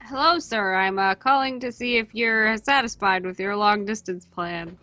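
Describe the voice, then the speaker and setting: Voice actor doing a sing-song telemarketer, bright, high, slow, dry sound. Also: dry recording, highs cut off, faint music behind, lightly acted. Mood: chirpy. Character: overly polite telemarketer.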